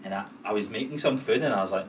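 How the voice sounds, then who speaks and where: A man's voice: fairly low pitch, very fast. A Scottish man co-hosting a podcast in casual chat. He swears freely and laughs as he talks. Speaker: podcast co-host. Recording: distant mic with clear background noise.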